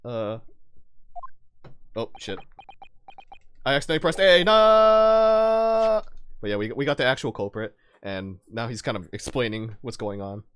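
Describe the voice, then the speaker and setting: A man's voice: fairly low pitch, moderate pace, pauses often, a bit bright, no echo, studio quality. A man streaming a video game live, chatting casually with viewers in a giggly, rambling way, often laughing and sometimes swearing.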